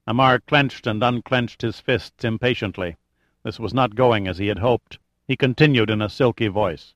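A man's voice: on the low side, normal speed, a bit bright, no room sound, dull audio. Man reading a thriller, dry sound. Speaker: audiobook narrator. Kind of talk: scripted narration of a thriller.

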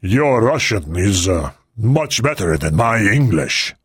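Man reading as a powerful male head of state, slow and measured, husky low voice, audiobook. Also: sing-song, a bit bright, no room sound, studio quality, full character voice.

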